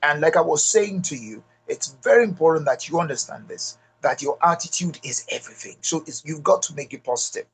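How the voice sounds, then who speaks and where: Husky Nigerian man giving motivational talk. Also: on the high side, expressive, brisk, few pauses. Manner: emphatic, repeats key lines, addresses audience directly. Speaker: leadership speaker.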